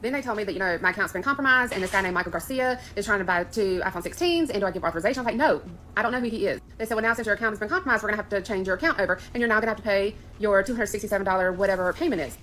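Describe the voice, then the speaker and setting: Fast-talking woman telling a story. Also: medium pitch, rough recording. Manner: animated, frustrated retelling. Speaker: person telling her scam story. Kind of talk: casual storytime.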